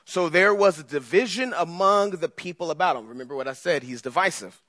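A man preaching a conversational sermon in an animated way, speaking straight to his listeners. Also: a little high, brisk, hardly any pauses, no room sound. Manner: animated, conversational, acts out scripture voices.

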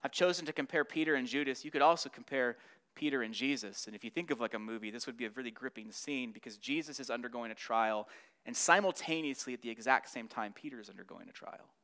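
A man's voice: mid-range voice, fast talker, sharp tone. A man teaching a Bible study lesson, acting out the quotes with rising and falling intensity.

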